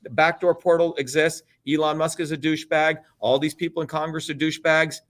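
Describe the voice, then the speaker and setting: A man's voice: on the high side, little pitch movement, a little fast, fairly bright tone. A man, a political candidate, ranting emphatically in a heated, profane interview, chanting slogans again and again.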